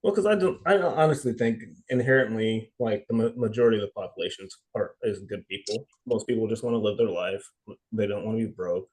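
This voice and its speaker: A man co-hosting a casual podcast, telling a personal story in a measured, candid way. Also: fairly low pitch, darkish tone, poor audio. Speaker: podcast co-host. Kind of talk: casual chat.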